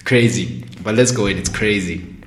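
A man's voice: on the low side, normal speed, reverberant. A man hosting a podcast in casual, slangy chat, laughing often. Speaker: podcast host.

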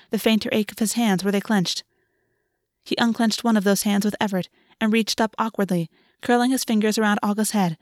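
Woman reading a fantasy book, steady even pace, dry close mic. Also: mid-range voice, dry recording. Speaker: audiobook narrator. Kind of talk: scripted narration.

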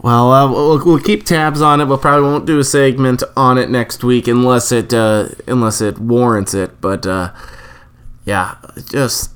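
A man's voice: medium pitch, fairly even intonation, moderate pace, fairly bright tone, smooth. A man hosting a casual sports podcast, easygoing and steering the talk between segments. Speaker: podcast host.

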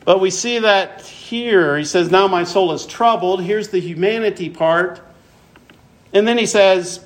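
A man delivers an expository sermon in a fairly high voice. He speaks slowly and deliberately, and his voice rises when he stresses a point. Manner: expository preaching, reads scripture aloud, rises in pitch for emphasis. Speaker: preacher.

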